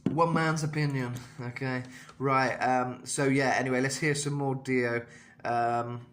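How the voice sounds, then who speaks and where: A man's voice: mid-range voice, fairly even intonation, unhurried, background noise. A young man giving a casual vocal lesson, talking loosely with self-mocking asides between demonstrations. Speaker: vocal coach.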